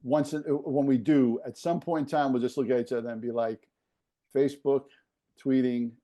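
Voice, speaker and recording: Warm-voiced animated storyteller, a man. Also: medium pitch, brisk. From New York area. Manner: animated, with frequent restarts. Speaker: former basketball operations director, guest. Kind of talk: casual storytelling.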